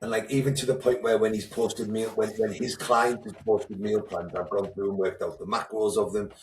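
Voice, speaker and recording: A man's voice: fairly low pitch, little pitch movement, normal speed, a little mellow, echoey room, distant mic, a little hiss or hum. A man co-hosting a casual podcast chat, blunt and swearing freely as he retells conversations. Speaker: podcast co-host, coach.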